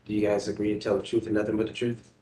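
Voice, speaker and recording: Male chairman, monotone, low voice, procedural, echoey chamber. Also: racing. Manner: procedural, brief. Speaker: commission chairman. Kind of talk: chairing a meeting. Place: council chamber. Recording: echoey chamber, faint rumble.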